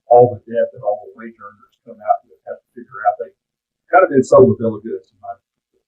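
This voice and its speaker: A man's voice: mid-range voice, fast, husky. A man appearing as a podcast guest, chatting casually and telling folksy stories. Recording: tinny phone-like sound.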